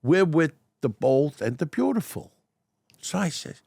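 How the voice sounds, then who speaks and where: An older man with a New York accent telling stories in a casual interview, animated and stammering over his starts. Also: on the high side, normal speed, creaky, dry recording, clean studio sound. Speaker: guest, deli owner turned actor. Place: restaurant dining room.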